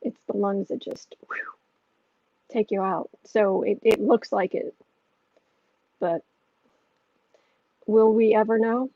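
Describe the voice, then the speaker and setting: A woman's voice: medium pitch, fairly even intonation, takes it slowly, pauses often, warm tone, dry recording. A woman hosting a tarot livestream, reading viewer questions aloud in a blunt, rambling, opinionated way. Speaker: tarot reader and channel host. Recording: dull lo-fi audio.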